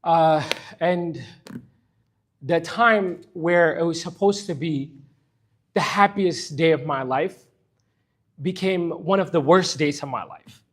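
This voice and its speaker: A man's voice: a little high, slow, long pauses. A middle-aged man teaching a church Bible study, speaking earnestly and emotionally about personal pain. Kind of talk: impassioned church lesson.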